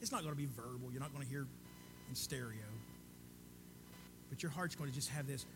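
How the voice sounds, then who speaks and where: A man preaching a sermon in an earnest, conversational way, often dropping to a soft hush. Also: mid-range voice, a little fast, noisy background.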